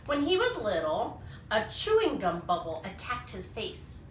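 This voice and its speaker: A woman reading a picture book aloud to young children, animated and full of sing-song questions, in a small echoey room. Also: medium pitch, unhurried, distant mic, a little hiss or hum. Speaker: children's storyteller.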